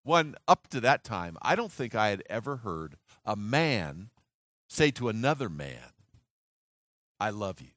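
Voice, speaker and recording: A man's voice: on the low side, big pitch swings, unhurried, a bit bright, no echo, studio quality. A man in his sixties from the United States, preaching a sermon as an earnest story full of restarts and acted quotes.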